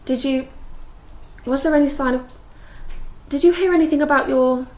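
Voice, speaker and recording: A woman's voice: sits high, normal speed, a little mellow, roomy sound, voice pushed up, lightly acted. A woman doing a hesitant, anxious schoolgirl. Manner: hesitant, faltering. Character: anxious clever teenage schoolgirl.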